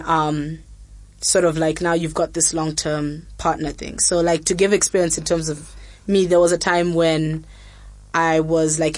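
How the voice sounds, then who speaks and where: A young woman talks frankly and casually as a podcast host, with lots of fillers and lively quoted asides. Her voice sits a little low and sounds close and dry, with no room around it. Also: no echo. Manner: frank, chatty, many fillers, animated quotes. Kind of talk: candid casual chat.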